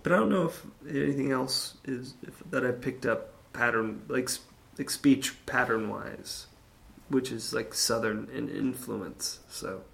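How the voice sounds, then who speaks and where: A man's voice: medium pitch, measured pace, gravelly, a bit bright. A man hosting his own show, talking in a casual, rambling monologue full of crude jokes and asides to his listeners. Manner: rambling, jokey, crude humor, chats to listeners. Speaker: podcast host.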